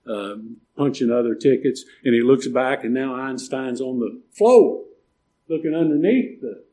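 An older man preaching a sermon, emphatic and building to loud, stressed points. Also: medium pitch, animated, measured pace. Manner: emphatic preaching, swelling louder on key points.

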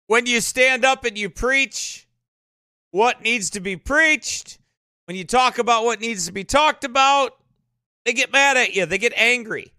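A man's voice: extremely high pitch, a little slow, bright, forceful tone, no room sound, clean studio sound. A man speaking as a pastor in a sermon-style commentary, emphatic and repeating tag questions like "right?" and "eh?".

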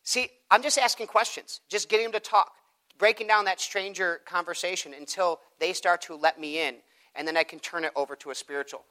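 A man teaching a group how to evangelize, acting out street conversations in his lively teaching talk. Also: high voice, brisk. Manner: animated, acts out both sides of conversations.

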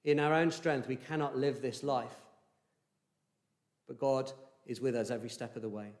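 A man preaching a sermon in an earnest, measured way, with fillers and restarts. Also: medium pitch, steady tone, a little mellow, roomy sound.

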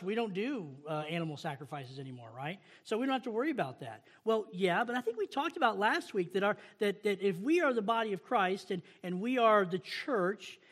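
A man's voice: high-pitched, fairly bright tone. A male pastor preaching a sermon, reading scripture aloud and asking the congregation rhetorical questions in a conversational way.

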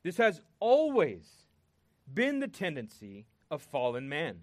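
A man preaching a sermon, earnest and emphatic, pausing and repeating words for weight. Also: on the high side, huge pitch swings, no room sound.

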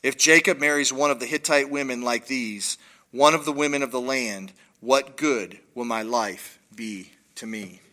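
A man voicing an anxious, scheming mother from a scripture reading, speaking low, urgent and subdued. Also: moderate pace, bright, forceful tone, close to an everyday voice.

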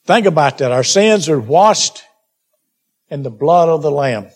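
A man with a high-pitched voice preaching a sermon. He exhorts his congregation and keeps calling them beloved. He reads scripture aloud in old King James wording. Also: animated, measured pace. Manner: exhorting, addresses listeners as beloved.

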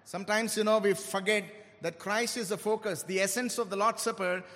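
High-pitched male preacher, emphatic sermon delivery, reverberant hall. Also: fairly even intonation, a bit bright. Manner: emphatic, slows down and stresses key words.

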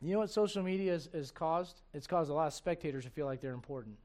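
A middle-aged man preaching with a high, lifted voice. He swings from hushed asides to loud, animated quoted voices and chuckles at his own jokes. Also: fast talker. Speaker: pastor. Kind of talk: sermon.

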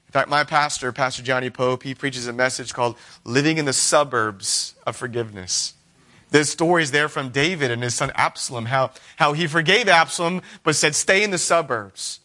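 Bright, high-voiced man preaching a sermon. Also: a little fast. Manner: earnest, acts out quoted voices, reads scripture aloud.

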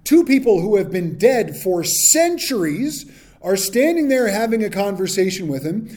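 A male pastor preaching a sermon, telling the story with lively acted-out quotes. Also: high-pitched, moderate pace.

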